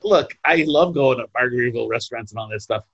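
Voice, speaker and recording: A man's voice: medium pitch, quick pace, gravelly, a bit bright, breathy edge, highs cut off. A man co-hosting a podcast, chatting keenly and trailing off mid-sentence. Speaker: podcast co-host. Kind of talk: casual chat.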